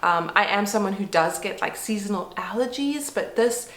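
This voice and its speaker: A woman's voice: mid-range voice, expressive, normal speed, fairly bright tone. Congested woman chatting in a roomy space. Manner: chatty, rambling, frequent fillers. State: congested nose. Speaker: vlogger and mother. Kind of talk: casual chat to camera. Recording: roomy echo.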